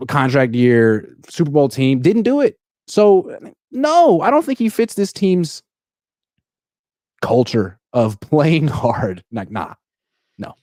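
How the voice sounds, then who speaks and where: A man's voice: fairly high pitch, wildly swooping pitch, takes it slowly, a little mellow, no room sound, studio quality. A man from California co-hosting a casual sports talk livestream, blunt and wry with firm opinions. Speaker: sports podcast co-host.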